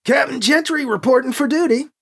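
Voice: sits high, brisk, slightly rough, voice pushed up. A narrator voicing a teasing, swaggering male ship captain in a spoken story.

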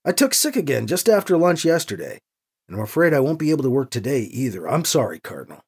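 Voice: medium pitch, very animated, fast, darkish tone, breathy edge. A narrator voicing a weary male priest who talks in a wry, muttering, self-deprecating way.

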